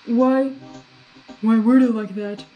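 A woman's voice: a little high, steady tone, takes it slowly, dark tone, faint music behind, low-quality recording. Woman voicing a condescending male prisoner. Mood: scornful. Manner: prim, condescending, insulting. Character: haughty scornful adult male prisoner. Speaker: game character read aloud.

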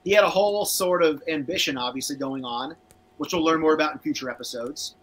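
Male co-host, bright tone, a bit raspy, easygoing rewatch chatter. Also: fairly high pitch, brisk, low-quality recording. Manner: chatty, reads viewer comments aloud. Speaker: podcast co-host. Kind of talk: casual rewatch commentary.

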